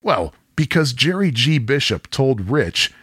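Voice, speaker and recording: A man's voice: medium pitch, big pitch swings, measured pace, a bit bright, breathy edge, dry recording, clean studio sound. A man from the Chicago area hosting a podcast, telling nostalgic stories in a chatty, self-deprecating way. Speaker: podcast host. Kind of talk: casual storytelling monologue.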